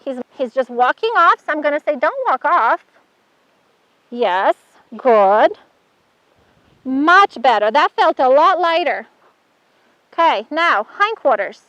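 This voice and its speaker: A woman's voice: high voice, sing-song, unhurried, long pauses, a bit bright, no room sound. A woman instructor giving a chatty hands-on horse handling demonstration, praising the horse as she works. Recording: dull dry sound.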